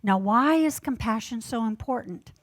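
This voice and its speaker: A woman minister preaching a sermon, telling gentle stories with measured emphasis. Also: fairly high pitch, animated, no echo.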